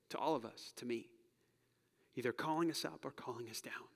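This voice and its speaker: A man preaching and then praying in a church, earnest, rising to loud urging and dropping to soft whispers. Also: mid-range voice, a little fast, creaky. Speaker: pastor. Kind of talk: sermon and closing prayer. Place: church sanctuary. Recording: long hall reverb.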